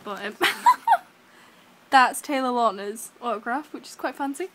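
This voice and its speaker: A young woman, gushing excitedly to camera in a casual vlog, full of fillers. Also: on the high side, measured pace, slight background noise. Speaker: vlogger.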